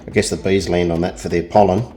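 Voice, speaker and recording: A middle-aged Australian man giving a relaxed, rambling painting lesson, talking as he works and joking at his own expense. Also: deep voice, fast. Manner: rambling, self-deprecating, chatty. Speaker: art tutor. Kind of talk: real-time painting tutorial.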